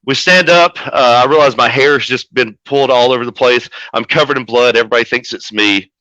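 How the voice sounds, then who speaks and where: A man with a bright, forceful voice tells a long, profanity-laced story about a backstage fight. He plays every quote with gusto, and he sounds like the manager he says he is. The recording is dry and a bit dull. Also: medium pitch, a little fast, dry recording. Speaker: wrestling manager guest. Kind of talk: casual storytelling interview.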